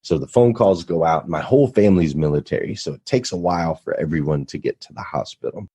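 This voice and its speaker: A man's voice: low voice, fast, dark tone, slightly rough. A man telling a personal story as a podcast guest, earnest and motivational, building to emphatic points. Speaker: radio show host, podcast guest.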